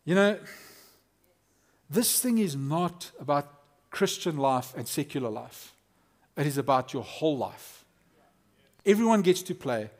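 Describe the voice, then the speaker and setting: A man preaching a lively, conversational sermon as a pastor, acting out quotes. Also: fairly high pitch, unhurried.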